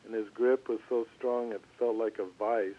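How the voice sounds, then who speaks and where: Older man telling stories over the phone. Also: fairly low pitch. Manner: relaxed, halting, lots of restarts. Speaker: former pitcher, guest. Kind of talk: storytelling interview. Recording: tinny phone line.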